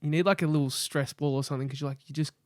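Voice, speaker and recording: A man's voice: fairly high pitch, fairly even intonation, rapid-fire, darkish tone, dry recording. An Australian man co-hosting a podcast in a studio, talking in a laid-back, rambling way and swearing casually. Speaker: podcast co-host. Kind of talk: casual chat.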